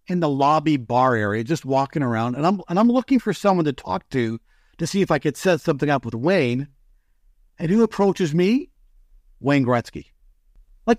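Male broadcaster guest, animated raconteur, high-ish voice that swings widely. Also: no echo, studio quality. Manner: animated, excitable storyteller. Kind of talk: storytelling in a podcast interview.

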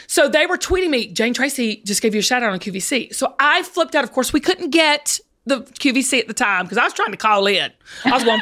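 A woman guest in casual chat, an excited, gushing storyteller who gets emotional. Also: high-pitched, fast. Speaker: podcast guest, TV seller.

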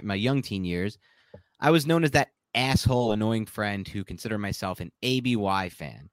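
A man co-hosting a sports podcast, chatty and opinionated, talking with animated asides about football film. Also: lowish voice, dry recording. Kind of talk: casual sports podcast chat.

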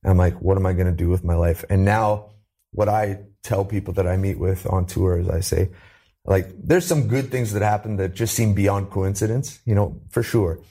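Gravelly low-voiced man telling his story. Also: normal speed, warm tone. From Canada. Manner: earnest, acts out quoted voices with rising pitch. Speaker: interview guest. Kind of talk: personal storytelling in an interview.

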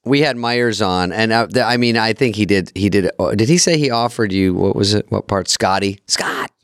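A man's voice: lowish voice, brisk, dry recording, clean studio sound. A man co-hosting a podcast, asking rambling, stop-start questions in casual chat. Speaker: podcast co-host.

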